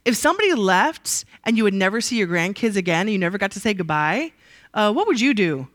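A woman's voice: mid-range voice, fast, no room sound, studio quality. A woman teaching a Bible study to a live group in a conversational way. She often asks the group questions and answers them herself. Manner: lively, asks the audience rhetorical questions.

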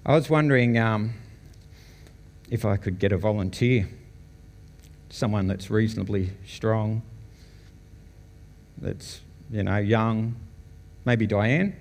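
A man's voice: fairly low pitch, takes it slowly, pauses often, a little mellow, a little hiss or hum. An Australian man giving a casual, storytelling personal testimony to a church congregation, chuckling now and then. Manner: conversational storytelling, chuckles often. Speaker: church guest speaker. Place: church meeting hall. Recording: long hall reverb.

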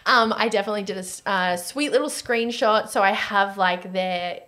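A woman's voice: mid-range voice, moderate pace, pushed and bright. A woman with an Australian accent hosting a wedding podcast in casual chat, talking freely with lots of fillers and frequent laughter. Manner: chatty, laughs often, many 'like' fillers.

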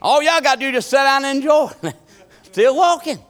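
High-voiced preacher in his fifties. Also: fast talker. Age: 50s. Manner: rhythmic preaching, swinging from shouted appeals to low folksy asides. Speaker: pastor. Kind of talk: sermon. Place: church.

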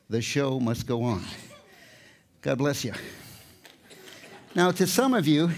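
An older man, a tightrope walker, giving a live talk with storytelling and light humor, out of breath at times. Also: medium pitch. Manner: storytelling, warm humor, pauses to catch breath. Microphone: microphone, speaking to a live audience.

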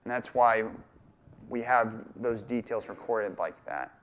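A man's voice: on the low side, a little slow, a little hiss or hum. Conversational man preaching a sermon. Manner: conversational, acts out quoted voices and jokes. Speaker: pastor.

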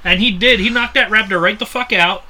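A man's voice: sits high, brisk, sharp tone, slight background noise. A man co-hosting a film podcast in casual chat, telling jokey stories and laughing often. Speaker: podcast co-host.

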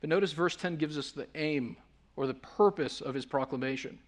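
A man's voice: on the high side, normal speed. A man delivers a sermon from the pulpit with a slightly raised voice. He preaches earnestly and with emphasis, leaning on rhetorical questions to draw the congregation in. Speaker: pastor.

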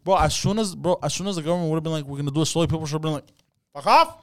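A man co-hosting a podcast tells a story in a smooth, resonant voice, recorded dry and close. He plays out both sides of each conversation in casual, swearing banter. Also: a little high, fairly even intonation, racing, no room sound. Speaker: podcast co-host.

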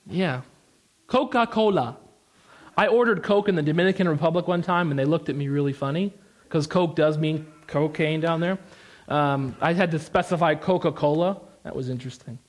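A young man from the United States preaching a sermon, animated and emphatic, with casual asides and repeated phrases. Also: fairly high pitch.

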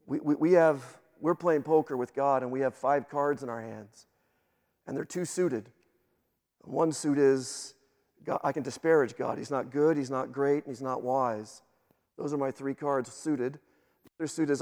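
A man's voice: mid-range voice, normal speed, a little mellow, big-room sound. A man, a guest pastor, preaching a sermon with emphatic delivery, often repeating words as he starts sentences.

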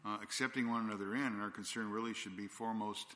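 Pastor, man, low and forceful, earnest repetitive sermon delivery, long hall echo. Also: fairly even intonation, fast. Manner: earnest, repetitive, with frequent restarts and "again". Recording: long church-hall reverb.

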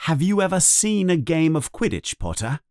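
Eager teen team captain, read by the narrator; keen, fast, close and dry. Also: mid-range voice, dry recording, voice pushed up, close to an everyday voice. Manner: excited, quick and keen.

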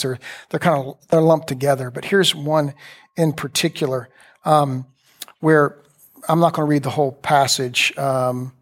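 A pastor preaching a conversational sermon, retelling scripture in a loose, talky way with asides. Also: male voice, a little high, creaky, a bit bright, husky.

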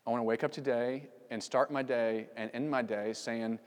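A man's voice: medium pitch, steady tone, normal speed, long reverb tail. A man preaching a sermon as pastor, conversational with frequent fillers and sudden emphatic outbursts. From United States. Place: church sanctuary.

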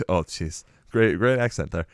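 A man's voice: deep voice, slow, dry recording, clean studio sound. A man co-hosting a casual podcast chat, blunt and profane, laughing often. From Boston area. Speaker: podcast co-host.

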